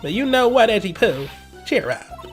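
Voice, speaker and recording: A man's voice: mid-range voice, expressive, a little fast, soft background music, close to an everyday voice. A man voicing a nagging, lovestruck old woman who talks dramatically while reading game dialogue. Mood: gushing. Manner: whiny, gushing, dramatic.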